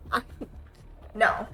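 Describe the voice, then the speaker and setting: A woman streamer ranting on a live stream, exasperated and swearing freely. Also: a bit bright.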